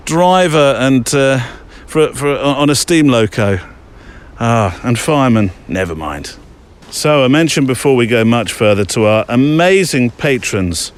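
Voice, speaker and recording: A man's voice: mid-range voice, animated, unhurried, clear, resonant tone. Chatty man hosting on a country walk. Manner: chatty, rambling with many fillers. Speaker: podcast host. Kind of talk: casual walking monologue. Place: outdoors in woodland and countryside.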